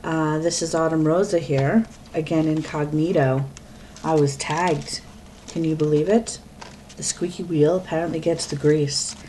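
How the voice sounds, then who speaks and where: Rambling, chatty woman with a low voice. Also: steady tone, a little slow, warm tone, slight background noise. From Pennsylvania, US East Coast. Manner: rambling, chatty, self-interrupting. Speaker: vlogger. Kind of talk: casual talk to webcam. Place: at home, alone. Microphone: webcam.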